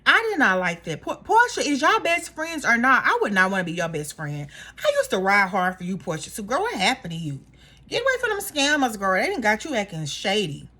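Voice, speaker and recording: A woman casually recapping a reality show in a gossipy, animated way, acting out the cast members' lines. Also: medium pitch, brisk.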